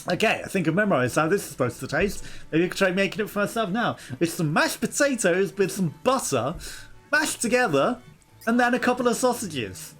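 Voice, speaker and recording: A man's voice: high-pitched, very animated, a little fast, fairly bright tone. A young man hosting a let's play, chatting casually, laughing and reading game dialogue aloud. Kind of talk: casual gameplay commentary. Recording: game music behind.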